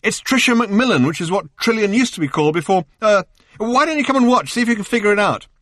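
A man voicing a flustered, excitable Englishman in an audiobook, raising his voice into anxious exclamations. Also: fast talker, slightly rough, dry recording, studio quality, full character voice. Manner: high-pitched, exclaiming, anxious.

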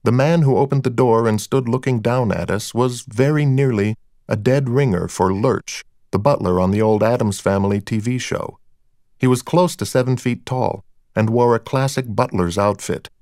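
A man's voice: mid-range voice, a little mellow, dry recording, clean studio sound. Man narrating a wry audiobook. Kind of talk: first-person audiobook narration.

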